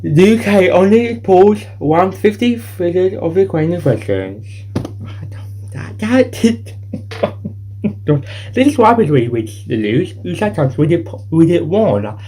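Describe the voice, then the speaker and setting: A man's voice: high-pitched, sing-song, takes it slowly, dark tone, a little hiss or hum, low-quality recording. A man hosting a homemade news show, reading the news in an improvised way that rambles, repeats itself and keeps restarting phrases. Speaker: home news show host.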